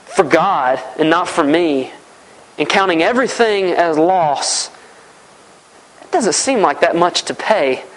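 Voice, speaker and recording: A man's voice: a little high, a bit bright, low-quality recording. A man preaching a sermon, earnest and repetitive, often voicing heartfelt prayers aloud.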